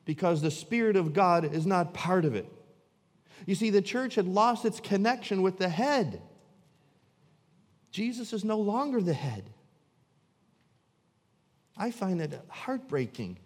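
A man preaching a sermon as pastor, swinging from loud, emphatic lines to low, hushed ones. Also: big pitch swings, a little slow, pauses often, big-room sound.

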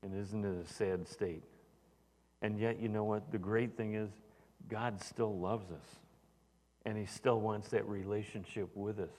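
Low-voiced male pastor in a reverberant hall. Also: steady tone, a little slow, a little mellow. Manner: conversational preaching with frequent fillers and restarts. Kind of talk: sermon. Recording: long reverb of a large hall.

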